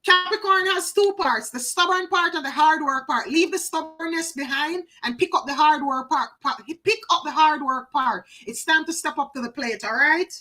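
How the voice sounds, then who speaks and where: A woman's voice: sits high, moderate pace, few pauses, pushed and bright, poor audio. A woman doing a live oracle card reading, chatty, talking to viewers by name and repeating phrases for emphasis.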